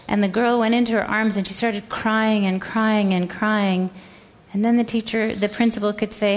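Woman, educator, presentation talk, animated storytelling, middle pitch. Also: moderate pace. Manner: storytelling, acts out quoted voices.

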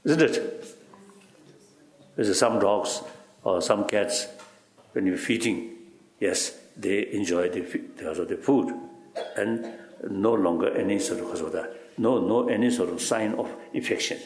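Slow-spoken man, halting English. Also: fairly low pitch, a little mellow, reverberant. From Tibet. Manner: halting broken English, repeats "you see", chuckles. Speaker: interviewee, spiritual teacher. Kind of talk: reflective interview answers.

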